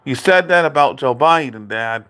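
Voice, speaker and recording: A man's voice: mid-range voice, lively intonation, normal speed, pushed and bright, clean tone. A man ranting in a political commentary vlog, indignant and repetitive, speaking directly to his father. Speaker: video creator.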